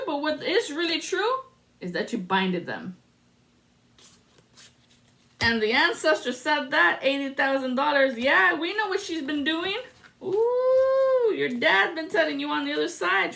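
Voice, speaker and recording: A woman with a high, bright, sharp voice leads a solo spiritual card reading. She is dramatic and sassy, and drops in sung lines and salty asides. She takes her time between phrases. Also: animated, a little slow, gravelly. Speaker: tarot reader.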